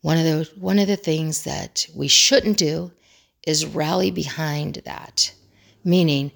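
Slow-paced and gravelly, a woman with a slightly low voice instructs people in crisis communication. She is earnest and motivating, repeatedly returning to her key phrases for emphasis.

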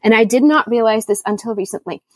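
A middle-aged woman talking through a casual interview in a slightly high voice. She tells her stories with energy and acts out her own reactions. The sound is close and dry. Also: fast talker, no room sound. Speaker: podcast guest, business coach. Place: home in Costa Rica during rainy season.

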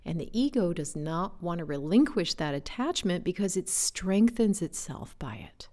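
A woman life coach telling a personal story in a gentle, introspective way, with soft laughs and whispered asides. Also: fairly low pitch, big pitch swings, normal speed. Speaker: life coach and podcast host. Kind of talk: reflective storytelling monologue.

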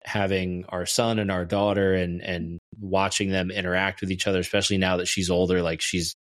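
A man in his thirties speaks in a deep voice and talks thoughtfully at length, often restarting his sentences. The sound is dry and close. It is a relaxed podcast chat. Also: brisk, dry recording. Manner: reflective, rambling with restarts. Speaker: podcast co-host. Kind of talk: casual chat.

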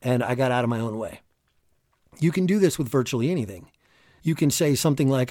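A man hosts a solo motivational podcast at a mid pitch, energetic and emphatic as he coaches. His voice sounds close and dry, with no room echo. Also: fairly quick, long pauses. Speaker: podcast host.

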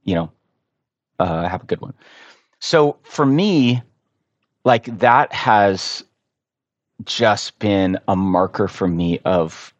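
A man telling an earnest, animated story as a podcast guest in casual conversation. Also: low voice, slow, long pauses, no room sound, dull audio.

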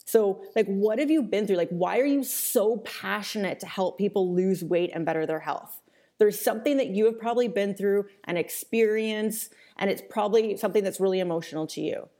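A woman's voice: mid-range voice, fairly quick, warm tone. A woman business coach giving a webinar training in a casual, chatty way, full of fillers and the odd mild swear word.

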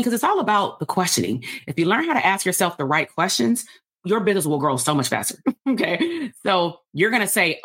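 An animated woman coaching a live workshop. Her voice sits a little low, and she jumps into a higher register as she plays both sides of a conversation. She sounds excited and fired up. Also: a little fast, breathy edge. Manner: animated and excited, acts out both sides of a dialogue with rising pitch. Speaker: business coach and podcast host. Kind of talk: live workshop coaching, then podcast outro.

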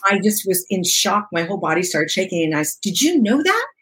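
A woman in her sixties, a guest in an interview, relates a personal story expressively, acting out dialogue and laughing often. Her mid-range voice runs fairly quick, and there's a little hiss or hum on the recording.

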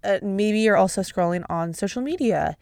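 Gravelly-voiced sarcastic woman host. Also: mid-range voice, normal speed, darkish tone, no room sound, studio quality. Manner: sarcastic, chatty. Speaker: podcast host. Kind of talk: casual solo podcast.

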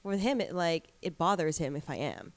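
A fairly low-pitched woman speaks at a moderate pace. In her thirties and guesting on a casual chat, she's a talkative storyteller leaning heavily on likes and you-knows.

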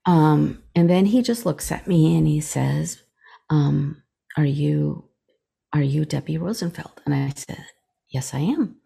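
A middle-aged woman guest speaks with a low, mellow voice that has a gravelly edge. She tells a personal story haltingly, full of fillers and restarts, and voices the dialogue as she recalls it. Her tone is husky rather than crisp. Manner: halting retelling, many fillers and restarts, acts out quoted dialogue. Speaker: podcast guest, chaplain.

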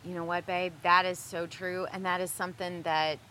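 A woman's voice: lowish voice, little pitch movement, normal speed, bright, forceful tone, a little hiss or hum. A woman co-hosting a casual chat about marriage, speaking earnestly with emphasis. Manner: earnest, emphatic, many affirming sounds. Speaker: co-host of a marriage advice show.

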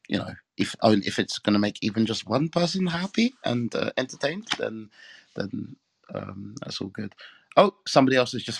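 Man, English accent, low voice, gravelly, chatty rambling room host. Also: no echo. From England. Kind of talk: casual live audio-room chat and reading aloud.

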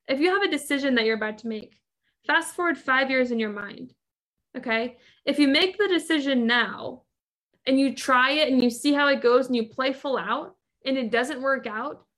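A woman's voice: high-pitched, moderate pace, fairly bright tone. A woman hosting a podcast, coaching listeners in an emphatic motivational monologue full of repetition and rhetorical questions. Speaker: podcast host and business coach.

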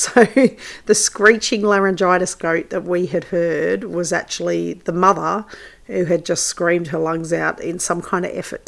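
A woman's voice: fairly low pitch, vocal fry. An Australian woman hosting a podcast, telling stories in a chatty, good-humoured way and laughing as she goes. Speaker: podcast host. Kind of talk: casual storytelling monologue.

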